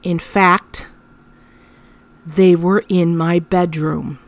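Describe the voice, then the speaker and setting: A woman's voice: lowish voice, very slow. A woman in her thirties hosting a podcast, telling a story about her son in a wry, self-mocking way. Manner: wry, self-mocking, animated when exasperated. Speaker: podcast host. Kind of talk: storytelling monologue.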